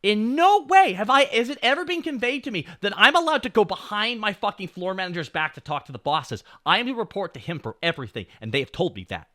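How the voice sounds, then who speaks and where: Lively, bright-voiced male streamer. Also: high-pitched, fast talker, few pauses. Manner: animated, profane, swings between muttering and shouting. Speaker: VTuber streamer. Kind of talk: casual storytelling on stream.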